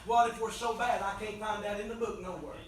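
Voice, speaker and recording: A man preaching an impassioned revival sermon in a church, swinging between soft pleading and loud shouting. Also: high-pitched, steady tone, fairly quick. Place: church sanctuary. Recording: very echoey church from far off mic.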